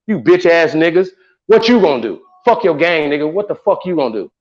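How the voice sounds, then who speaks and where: A man hosts an online show, high in his range and a bit strained as he tears into critics. He is profane and boastful, daring anyone to come at him. The audio is muffled and lo-fi. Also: big pitch swings, a little fast. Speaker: show host. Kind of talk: heated livestream rant.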